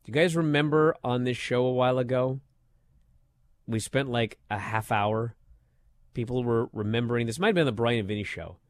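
A man co-hosting a wrestling podcast, talking in casual chat and getting worked up into loud disbelief. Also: mid-range voice, moderate pace, no room sound, studio quality. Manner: animated, rising to loud disbelief. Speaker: wrestling show co-host.

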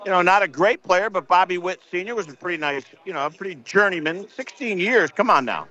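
A man's voice: sits high, brisk, pushed and bright. An older man hosting a late-night sports radio show, rambling casually with lots of fillers and repeats. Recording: slightly dull broadcast audio.

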